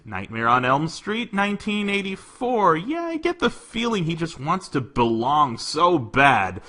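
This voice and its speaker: Lively, sarcastic mocking man. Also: medium pitch. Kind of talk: mocking video commentary.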